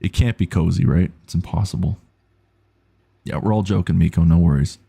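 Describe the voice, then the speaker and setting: A male game streamer talks casually through his playthrough and reads out viewer messages as they come in. His voice is low, dark and mellow, with a gravelly, husky grain. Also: fairly quick. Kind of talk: casual gaming commentary.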